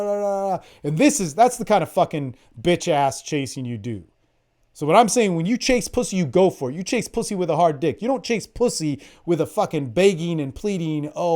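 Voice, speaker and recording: A man's voice: fairly high pitch, darkish tone. A man hosting a podcast, telling a story in a casual monologue, swearing freely and acting out the voices of the people in it. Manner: profane, emphatic, acts out quoted voices. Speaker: podcast host, dating coach. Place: call recording.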